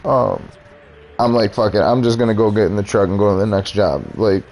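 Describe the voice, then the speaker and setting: A man's voice: fairly low pitch, fairly even intonation, fairly quick, darkish tone, soft background music. A young man telling a heated, profane story about a fight with his boss, acting out both sides of the argument. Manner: profane, heated retelling with quoted dialogue. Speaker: streamer. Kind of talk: casual storytelling rant.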